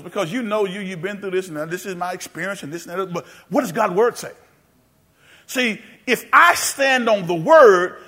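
A male pastor preaching a sermon in a church sanctuary, calling on the congregation to answer back, half-singing some lines and rising to shouts. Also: high voice. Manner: call-and-response preaching, sings some phrases, rises to shouts.

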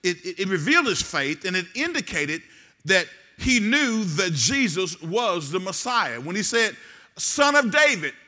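A man preaching a sermon as pastor, calling out to the congregation and rising to shouts. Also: high voice, very animated, normal speed.

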